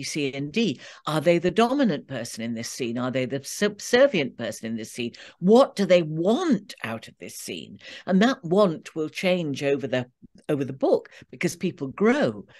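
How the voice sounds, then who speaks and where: A woman's voice: sits low, a little mellow. A woman who is an audiobook narrator and coach, talking expressively in an interview and acting out example line readings. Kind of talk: interview conversation.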